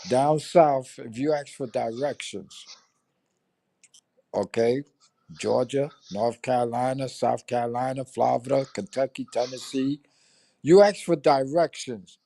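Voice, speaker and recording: A man's voice: medium pitch, unhurried, vocal fry, warm tone, no room sound. An older man from New York with a New York accent, telling stories in casual profane chat on a livestream. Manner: profane, storytelling, street talk. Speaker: livestream co-host.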